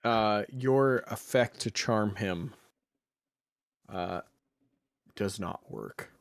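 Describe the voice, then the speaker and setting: A man's voice: fairly low pitch, very slow, creaky, no echo, clean studio sound. A man narrating a tabletop game as dungeon master, casual and hesitant, with many fillers.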